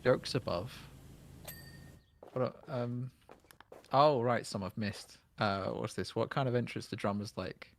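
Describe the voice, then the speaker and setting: Gravelly London man, chatty streamer. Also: medium pitch, measured pace, long pauses. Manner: chatty, reads out jokes, greets chat viewers. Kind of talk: casual co-op gaming chat.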